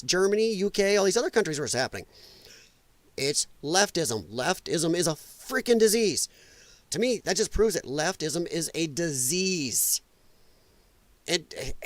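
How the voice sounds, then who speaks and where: A man's voice: high-pitched, no room sound. A man hosting a live political commentary show, ranting in an exasperated, mocking and profane way. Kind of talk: live solo political rant.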